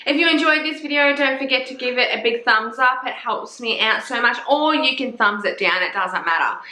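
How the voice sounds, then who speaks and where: A young book reviewer, slightly high-voiced and brisk, gives a casual, sassy, animated chat about books and doesn't hold back on the swearing. The recording carries room echo.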